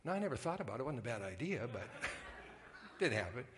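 An older man preaching a sermon as a pastor, telling stories in a folksy, conversational way and dropping to a hushed whisper for quoted voices. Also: mid-range voice, sing-song, fairly quick. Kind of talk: storytelling sermon.

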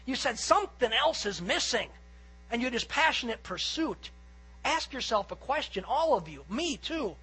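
Male pastor, very high, bright and slightly husky voice, sermon delivery, emphatic rises and quiet asides. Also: rough recording. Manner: earnest and emphatic, swinging between loud peaks and quiet asides.

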